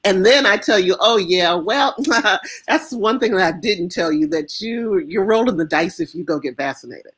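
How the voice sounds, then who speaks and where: An American woman speaking as an interview guest, impassioned and emphatic, with halting restarts. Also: lowish voice, expressive, fairly bright tone, slightly rough. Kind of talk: emotional interview conversation.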